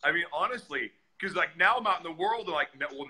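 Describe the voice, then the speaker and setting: A man guest on a podcast, candidly telling his personal story in an earnest, animated way. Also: a little high, fast talker, poor audio. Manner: earnest, animated, acts out shouted voices in retelling. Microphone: live stream, reads comments on screen.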